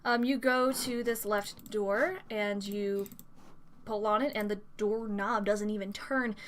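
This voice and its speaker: A woman's voice: medium pitch, fairly even intonation, takes it slowly, slight background noise. A woman narrating a tabletop game as dungeon master, describing scenes with frequent fillers.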